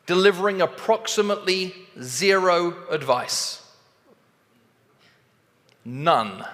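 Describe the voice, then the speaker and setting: Animated male motivational speaker, high and bright, echoing in a large hall. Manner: animated, acts out both sides of conversations. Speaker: sales trainer speaking on stage. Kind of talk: motivational talk.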